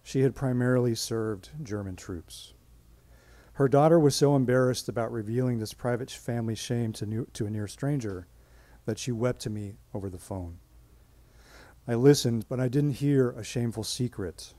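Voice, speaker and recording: A man telling a personal story on stage at a live storytelling event, with measured, dramatic pauses. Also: medium pitch, warm tone, no room sound.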